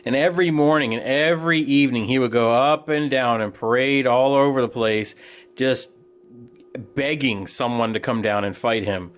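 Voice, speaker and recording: A children's ministry teacher telling a Bible story to children in a casual, plain-spoken and animated way. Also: male voice, medium pitch, normal speed.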